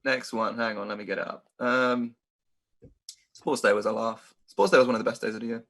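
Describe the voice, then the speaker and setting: A man's voice: mid-range voice, fairly even intonation, a little fast, a bit bright. A young man, co-hosting a casual podcast, telling school stories with laughs and casual swearing. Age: young adult. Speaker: podcast co-host. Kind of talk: casual chat.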